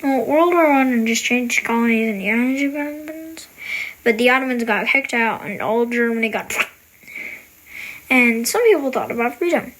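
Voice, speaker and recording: A woman's voice: fairly high pitch, moderate pace, a bit bright. A woman casually explaining history in a rambling, slangy, offhand way. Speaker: video creator.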